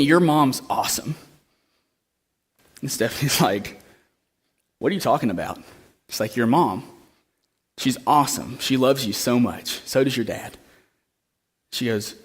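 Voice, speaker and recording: Young man preaching a story sermon. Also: mid-range voice. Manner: conversational, building to impassioned pleas.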